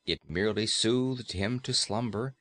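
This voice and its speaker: A man narrating a classic fairy-tale audiobook in a steady, expressive storytelling way. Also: on the low side, unhurried, dry recording.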